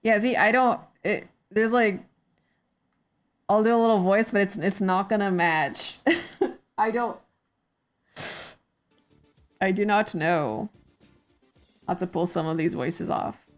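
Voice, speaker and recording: A woman's voice: mid-range voice, slow, pauses often, faint music behind. A woman streamer chatting casually while she draws, rambling with many fillers and hesitations. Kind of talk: casual chat while drawing.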